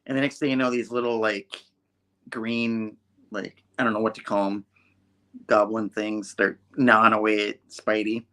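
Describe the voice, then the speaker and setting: A man's voice: lowish voice, level tone, moderate pace, fairly bright tone. Guy on a comic podcast rambling thru a story, lots of uh and like. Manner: rambling, acts out characters' lines. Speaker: comic book podcast co-host. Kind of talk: casual chat, retelling a comic story.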